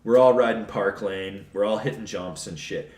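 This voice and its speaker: A man's voice: lowish voice, normal speed, a little mellow. A man as a podcast guest telling stories in a blunt, profane, ranting way, recorded in an echoey room. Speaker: podcast guest, snowboard reviewer. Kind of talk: casual interview storytelling. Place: trade show.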